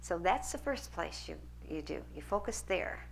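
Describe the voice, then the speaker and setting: A woman's voice: lowish voice, lively intonation, normal speed, vocal fry, slight background noise. A woman lecturer taking questions from a hall audience, earnest and encouraging as she answers. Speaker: guest lecturer.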